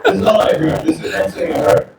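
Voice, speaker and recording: A middle-aged man doing a loud stand-up set, laughing and acting out voices. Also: fast, a crowd in the background. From New England. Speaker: stand-up comedian. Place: large theater stage. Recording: roomy audience recording from far off, noisy. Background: audience laughter.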